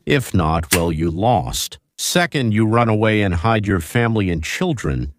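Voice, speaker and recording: A male host delivers opinionated political commentary in a low voice. He builds his points through rhetorical questions and scenarios aimed at the viewers. The recording is dry and close. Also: expressive, unhurried, no room sound. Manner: rhetorical, addresses viewers directly with hypotheticals.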